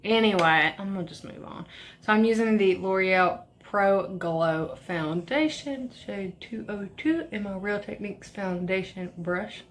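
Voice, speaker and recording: A woman's voice: mid-range voice, a little hiss or hum. A young woman beauty vlogger chatting casually through a makeup tutorial, rambling and swearing as she rants. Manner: profane, ranting, rambling.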